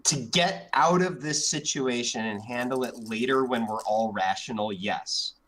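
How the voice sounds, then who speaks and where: A man playing in a live-streamed tabletop game, describing his character's actions in a plain, relaxed way. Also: mid-range voice, a little slow. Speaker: player. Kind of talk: casual tabletop game play.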